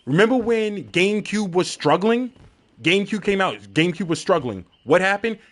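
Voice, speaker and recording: High, lively ranting male streamer. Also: normal speed. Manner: animated, ranting, profane. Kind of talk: live-stream gaming commentary.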